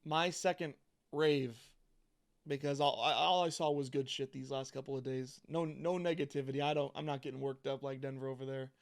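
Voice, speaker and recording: A man's voice: medium pitch, steady tone, a little fast. A man co-hosting a casual podcast in an upbeat manner, laughing easily and hyping up what he talks about. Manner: upbeat, laughing, hypes things up. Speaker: podcast co-host. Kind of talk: casual sports chat.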